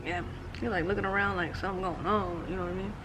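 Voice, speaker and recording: A woman's voice: fairly low pitch, steady tone, quick pace, background noise. A woman hosting her own cooking vlog outdoors in a backyard, talking in a rambling, chatty way and swearing casually. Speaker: cooking channel host.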